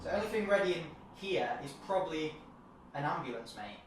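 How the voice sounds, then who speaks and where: A man's voice: a little high, expressive, a little fast, background noise. A young man co-hosting a casual boxing show, joking and swearing a lot. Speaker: co-host. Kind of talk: casual banter. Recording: echoey room from a distance.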